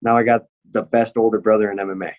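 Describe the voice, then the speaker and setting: A young man with a fairly low voice tells a story in loose, casual chat. He swears constantly and acts out the people he quotes. He is an MMA fighter talking as a guest. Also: level tone, quick pace.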